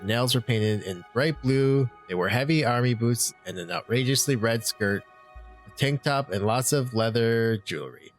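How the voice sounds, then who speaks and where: A man's voice: medium pitch, moderate pace. A man with a mid-range voice reads a narrative game aloud. He is casual and conversational, drops in his own asides and restarts lines. Faint music sits under him. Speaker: let's play reader. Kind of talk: reading a visual novel aloud.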